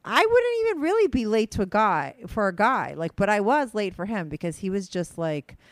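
A woman hosting a podcast, rambling excitedly and laughing easily, feeling hyper and giddy. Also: medium pitch, normal speed, no echo. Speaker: podcast host. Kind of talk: casual podcast chat.

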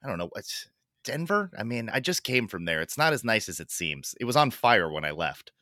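Guy hosting a sports show, lowish voice, sarcastic, gets all worked up. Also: very animated, brisk, pushed and bright, dry recording, studio quality. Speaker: sports podcast host. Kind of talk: casual sports talk.

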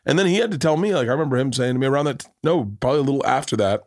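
Male podcast host, blunt and profane, mid-pitched, dry studio sound. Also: animated, rapid-fire, hardly any pauses, dry recording. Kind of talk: casual chat.

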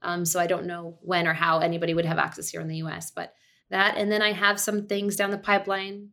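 Speaking a little fast in a fairly low voice, a woman in her thirties, an actor and director, relays a family story as a podcast guest. Her casual telling is animated, full of acted-out quotes and easy laughter.

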